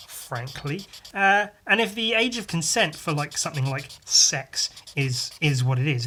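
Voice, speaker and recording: A man's voice: on the high side, pushed and bright, slightly rough. A man hosting a casual solo podcast, ranting bluntly and sarcastically with lots of swearing while he draws at his desk at home. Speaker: podcast host.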